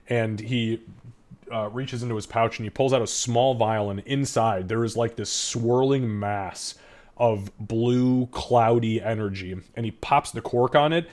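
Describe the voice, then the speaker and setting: A man's voice: mid-range voice, darkish tone. A man narrating as game master in a loose, casual way, full of fillers.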